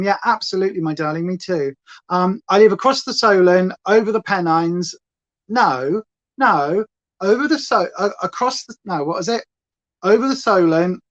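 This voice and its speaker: Speaking in a lowish voice with lo-fi sound quality, this beauty livestream host applies her makeup at home and loosely chats away, reading out what viewers type and addressing them and her dog. She comes from Hampshire, England, and her southern English accent carries a hint of Essex twang.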